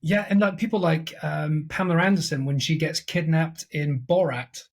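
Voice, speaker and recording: A man in a casual movie podcast chat, with halting starts and quick asides. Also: a little high, slightly rough. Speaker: podcast co-host.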